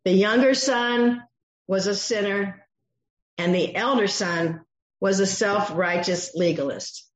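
A woman's voice: mid-range voice, measured pace. A woman preaching a sermon, teaching from a Bible passage and acting out the voices she quotes. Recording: echoey dull room sound.

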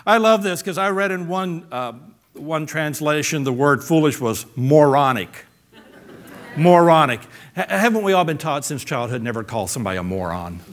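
Animated, joking male preacher. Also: on the high side, moderate pace. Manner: playful, emphatic, jokes and acts out quotes. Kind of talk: sermon.

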